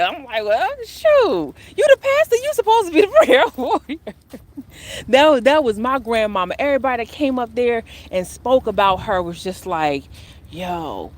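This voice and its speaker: A woman talking casually and animatedly to viewers as she walks outdoors, filming on a phone. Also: medium pitch. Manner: chatty, animated, addresses viewers as y'all. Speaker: spiritual coach vlogger. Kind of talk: casual spiritual vlog talk.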